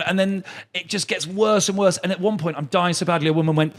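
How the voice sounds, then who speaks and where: A man's voice: sits high, steady tone. A man in his thirties, a stand-up comedian telling rambling anecdotes in casual chat, full of fillers. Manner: rapid rambling storyteller, lots of fillers.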